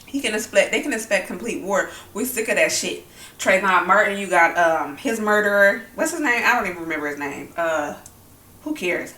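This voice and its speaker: A woman's voice: mid-range voice, expressive, moderate pace, bright, forceful tone, reverberant, distant mic. A woman vlogging while she eats, talking bluntly and angrily about the news and swearing often. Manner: blunt, heated and profane. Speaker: mukbang vlogger. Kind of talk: angry opinion talk while eating.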